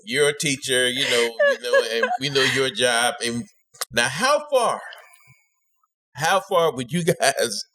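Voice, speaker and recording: A man co-hosting a podcast in casual chat, telling a story in an animated way and jumping into high-pitched voices for the people in it. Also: a little slow, slight background noise. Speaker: podcast co-host.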